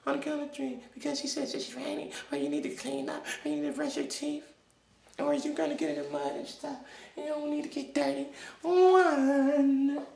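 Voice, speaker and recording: A woman's voice: high-pitched, normal speed, creaky, a little mellow. A woman acting as a restless little kid stuck indoors, chattering in a childish sing-song and whining. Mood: playful. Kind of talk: comedic character vlog. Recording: echoey room, distant mic, faint noise.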